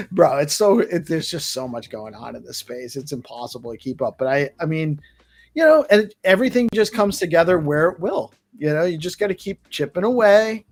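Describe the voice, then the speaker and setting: A man's voice: fairly high pitch, big pitch swings, moderate pace. Upbeat man hosting a live chat. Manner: upbeat, enthusiastic, laughs often. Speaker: host. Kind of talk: casual live audio chat.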